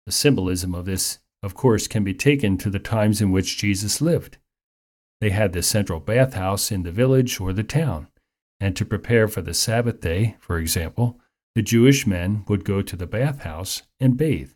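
A man preaching a sermon in a measured, explanatory teaching manner. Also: fairly low pitch, a little mellow.

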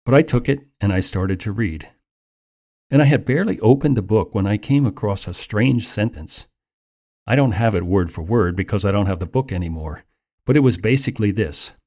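A man preaching a Bible teaching in a measured, earnest, explanatory way. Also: on the low side, darkish tone. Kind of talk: sermon-style Bible teaching.

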